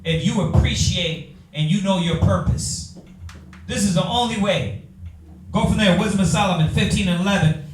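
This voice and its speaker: Man, Bible class teacher, preaching, rhetorical questions, high voice, echoey room, far from the mic. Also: moderate pace. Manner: fires rhetorical questions, calls on readers.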